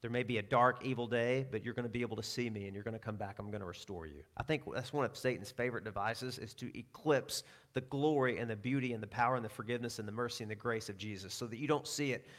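A man preaching in a relaxed, conversational way, moving between personal stories and scripture. He throws in self-deprecating asides and quiets down when he quotes scripture. His pitch sits in an ordinary middle range. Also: quick pace, hardly any pauses. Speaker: pastor. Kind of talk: sermon.

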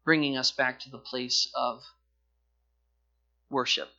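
A man preaching a sermon to his congregation as their pastor, passionate, moving between loud emphasis and quiet pleading. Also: medium pitch, level tone, slow pace, highs cut off. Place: church sanctuary.

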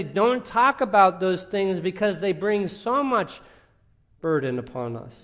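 A man preaching a sermon as pastor, teaching earnestly and leaning on key points with rising emphasis. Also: fairly high pitch. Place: church sanctuary. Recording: long reverb of a church hall.

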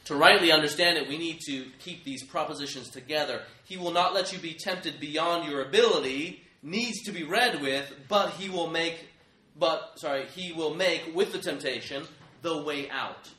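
A man's voice: on the high side, normal speed, bright, forceful tone. A man preaching a sermon, earnest and emphatic, speaking straight to his listeners as friends. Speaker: pastor. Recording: echoey room.

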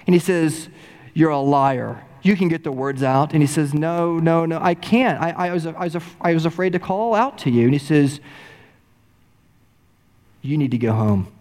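A man's voice: on the high side, normal speed, darkish tone, long reverb tail. A man preaching a sermon, telling a story and acting out quoted lines with rising emotion. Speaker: pastor.

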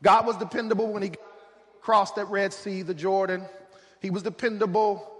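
A man preaching a sermon, building to shouted emphasis with repeated refrains. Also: high-pitched, level tone, moderate pace. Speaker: pastor. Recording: long hall reverb.

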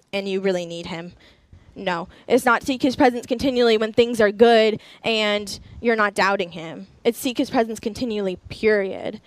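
A woman's voice: mid-range voice, no room sound. A young woman giving an earnest sermon, sharing personal stories and reading scripture aloud. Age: young adult.

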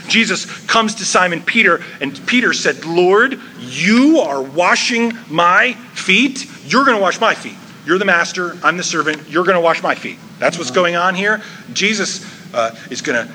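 A man's voice: medium pitch, sharp tone, a little hiss or hum, poor audio. A male pastor preaching a sermon in a church, emphatic and conversational, with frequent asides to the congregation.

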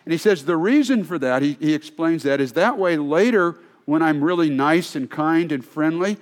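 A man's voice: a little high, expressive, normal speed. A male pastor preaching a sermon in a conversational, storytelling way, often restarting his sentences.

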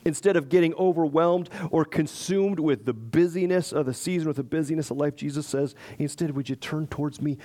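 A man preaching a sermon as a pastor, earnest and pleading, who later leads a soft, slow prayer. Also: a little high.

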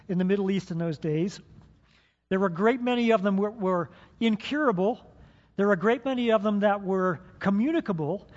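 A man's voice: sits high, a little mellow. A man preaching a sermon to his congregation, playful and dramatic as he stages a role-play with them in a church hall. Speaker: pastor. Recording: dull sound with long hall reverb.

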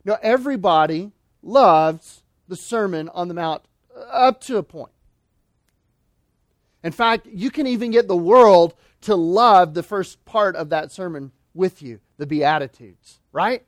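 A man preaching a sermon as pastor, emphatic, slowing down and dropping low on key phrases. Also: no echo, clean studio sound.

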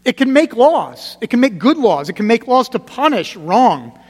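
A man preaching a sermon as pastor, conversational and emphatic, repeating his key points and dropping to a quiet, grave tone. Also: very high voice, big pitch swings, normal speed, slightly rough, long reverb tail.

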